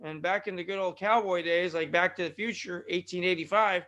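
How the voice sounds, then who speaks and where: High, bright-voiced rambling podcast host man. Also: steady tone, a little fast, dull audio. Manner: joking, self-deprecating, rambling with tongue-tied restarts. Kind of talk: rambling solo podcast monologue. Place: California.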